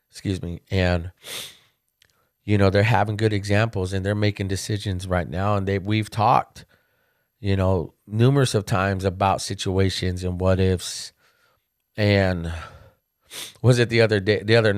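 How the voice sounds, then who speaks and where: A middle-aged man hosting a podcast, telling personal stories in a candid, casual monologue and getting animated when he quotes others. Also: on the low side, no room sound, studio quality. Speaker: podcast host.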